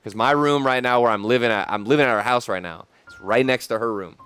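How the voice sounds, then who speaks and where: A young man, a gaming streamer, chatting casually and excitedly over gameplay, full of slang. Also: mid-range voice, fast talker, clean tone, dry recording. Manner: animated, slangy, says "dude" a lot.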